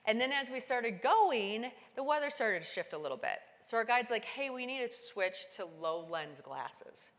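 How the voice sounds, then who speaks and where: A woman giving a motivational keynote talk, telling a climbing story and acting out the dialogue with sudden bursts of high excitement. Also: normal speed, hardly any pauses, big-room sound. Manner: animated, acts out dialogue with sudden high-pitched exclamations. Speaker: keynote speaker. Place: conference stage in a large hall.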